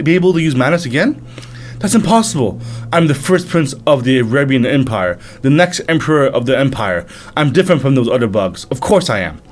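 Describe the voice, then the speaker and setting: A man's voice: mid-range voice, natural voice. A man voicing an arrogant, haughty male first prince with a sneering, contemptuous manner.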